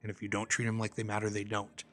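Bright-voiced wrestler telling stories. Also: male voice, fairly low pitch, quick pace, faint music behind. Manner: animated anecdotes, laughs while telling. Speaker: independent pro wrestler, guest. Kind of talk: casual storytelling interview.

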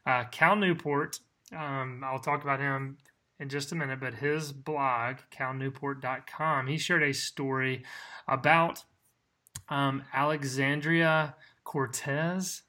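A man's voice: mid-range voice, fairly even intonation, slow, sharp tone. A man who is a bit sick, co-hosting a casual podcast chat, often laughing at himself. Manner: laughs a lot, self-deprecating. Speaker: podcast co-host.

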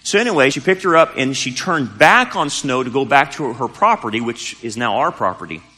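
A man's voice: medium pitch, expressive, a little fast, sharp tone, slightly rough, soft background music. A man preaching a sermon as pastor, telling a story in a casual, conversational way with emphatic rises. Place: church sanctuary. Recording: church hall with long reverb.

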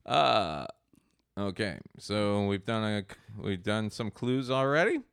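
A man's voice: lowish voice, expressive, slow pace, creaky, fairly bright tone, clear, resonant tone. A man co-hosting a comedy podcast who laughs often and plays along with the bits. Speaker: podcast co-host. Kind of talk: casual comedy chat.

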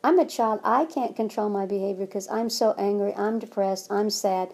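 Earnest woman with a mellow voice. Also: mid-range voice, normal speed. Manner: earnest, emphatic, acts out examples. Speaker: guest, child care trainer. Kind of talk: interview advice.

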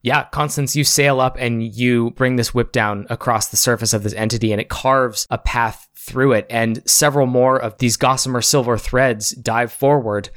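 A man's voice: medium pitch, steady tone, normal speed, hardly any pauses, fairly bright tone, no room sound, clean studio sound. A man narrating as game master, describing the scene and asking the players what they do.

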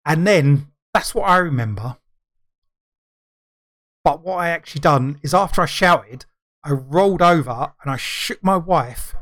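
A middle-aged man co-hosting a podcast in casual chat. His voice sits a little high, and he rambles with many fillers and restarts. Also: animated, unhurried, long pauses, fairly bright tone. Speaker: podcast co-host.

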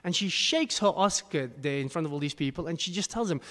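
A man's voice: fairly high pitch, animated, brisk, a bit bright. A man preaching a sermon as a pastor, earnest, with emphatic bursts. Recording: long hall reverb.

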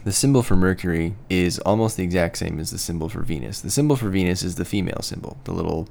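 Deep, gravelly and darkish in tone, this man talks fast while co-hosting a casual podcast chat. He comes across as thoughtful and hedging, apologizing for how he pronounces names.

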